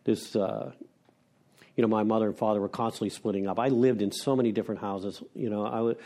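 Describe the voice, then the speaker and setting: A man's voice: lowish voice, fairly even intonation, quick pace, mellow. A middle-aged man from Pennsylvania giving a candid personal share at a recovery meeting, frank and wry, rambling with restarts and self-deprecating laughs.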